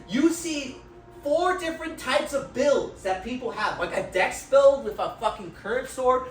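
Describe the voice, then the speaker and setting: A young man giving an informal lecture in a hall, excited and swearing a lot, tagging his sentences with "right?", recorded on a phone from far off. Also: high-pitched. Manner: excited, swears constantly, tags lines with "right?". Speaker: student presenter. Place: lecture room, indoors. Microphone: phone from afar. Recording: roomy phone recording from far off, faint music.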